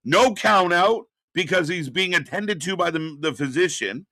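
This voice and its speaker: A man hosting a live wrestling watch-party stream, ranting with exasperation and profanity, then answering chat messages more calmly. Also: sits high, measured pace, no room sound, studio quality. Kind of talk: live reaction commentary, reading chat.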